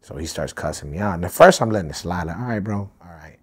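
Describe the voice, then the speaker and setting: A man's voice: low-pitched, expressive, quick pace, slightly rough. A man as a podcast guest, telling a story in casual, profane street talk full of fillers.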